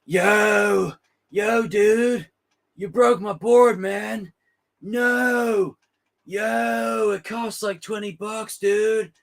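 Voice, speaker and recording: A laid-back young surfer guy, as a man puts him on, indignant and loud, stretching his words in a high, lazy drawl. He yelps his complaints as if across a beach. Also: steady tone, extremely slow, gravelly, full character voice.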